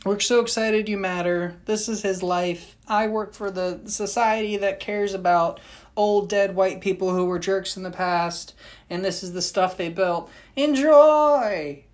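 Woman doing a tour guide lady, high-pitched, chirpy, gushing, overeager. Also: unhurried, lightly acted. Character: bubbly, overeager adult female tour guide.

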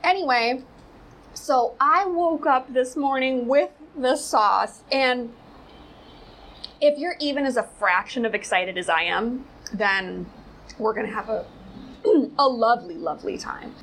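Woman host rambling sarcastic commentary, lots of "like", kinda high voice. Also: a little slow, a bit bright, a little hiss or hum, low-quality recording. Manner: rambling, sarcastic, heavy use of "like". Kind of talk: casual commentary.

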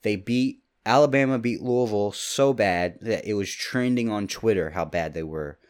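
A man in his twenties from Kentucky, talking alone into a mic in a rambling, jokey way with quick asides. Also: fairly low pitch. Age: 20s. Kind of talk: casual solo monologue. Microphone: studio mic with pop filter.

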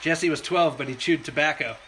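A middle-aged man telling a story in casual chat. He acts out the voices with shouts and swears a lot. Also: fairly high pitch, brisk, noisy background.

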